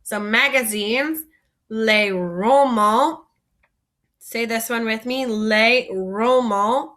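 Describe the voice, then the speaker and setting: A woman's voice: on the high side, slow pace, fairly bright tone. A woman teaching a French vocabulary lesson, patiently asking learners to repeat words after her.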